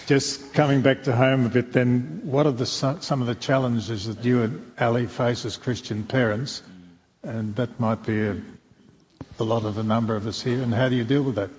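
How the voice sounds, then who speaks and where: A man's voice: medium pitch, steady tone, normal speed, darkish tone. Man asking interview questions in a hall. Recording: echoey hall, dull lo-fi sound, faint noise.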